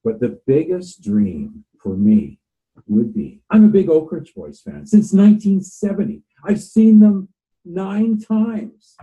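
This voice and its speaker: Very dark-voiced man in his sixties. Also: high voice, big pitch swings, slow, muffled recording. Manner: hesitant, rambling with fillers. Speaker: voice actor guest. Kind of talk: casual interview chat.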